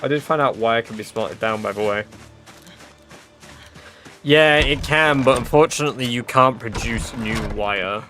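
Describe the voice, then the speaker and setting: Bright-voiced streamer, laid-back. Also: male voice, medium pitch, a little slow, long pauses, faint music behind. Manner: relaxed, reads chat aloud, swears offhandedly. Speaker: game streamer. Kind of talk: casual livestream chat while gaming.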